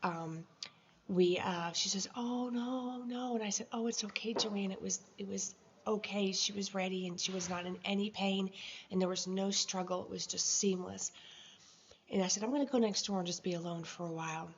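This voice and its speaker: Emotional woman with a gravelly voice. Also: mid-range voice, steady tone, highs cut off, a little hiss or hum. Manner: emotional, halting, with many fillers. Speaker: vlogger. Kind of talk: personal video journal, storytelling.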